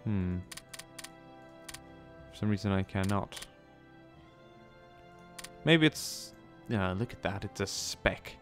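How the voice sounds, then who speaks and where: A man's voice: deep voice, animated, takes it slowly, pauses often, a bit bright, faint music behind. A man giving casual gameplay commentary, chatty, with many ums and joking asides. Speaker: let's play gamer.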